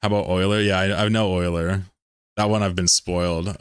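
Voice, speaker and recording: Male streamer from Pennsylvania, low voice, loose joking chat with viewers, some cursing, dry recording. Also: little pitch movement, fairly quick, smooth, no room sound. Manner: rambling, joking, swears freely. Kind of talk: casual live-stream chat while gaming.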